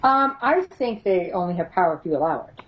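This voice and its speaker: With the highs cut off, this clip captures a middle-aged woman speaking briskly in a fairly low voice with lively intonation. Interviewed about investigating the paranormal, she spins casual, animated stories, laughing a lot and performing the voices of the people she quotes.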